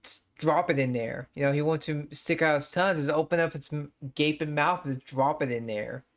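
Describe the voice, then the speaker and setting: A streamer giving casual reaction commentary, crude and profane, often stammering and restarting words. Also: mid-range voice.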